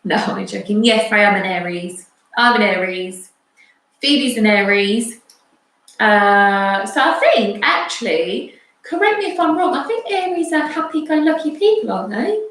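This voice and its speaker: A playful woman co-hosts a casual livestream, teasing her partner and reading out viewer comments. Her voice is slightly high and carries a very echoey room. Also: lively intonation, a little slow, fairly bright tone. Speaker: co-host of a livestream.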